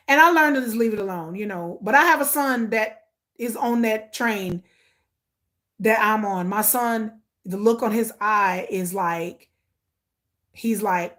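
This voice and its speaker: A woman's voice: medium pitch, moderate pace, gravelly. A woman, talking casually to viewers, telling stories and acting out quotes. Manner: animated storytelling, acts out quotes. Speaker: commentary vlogger.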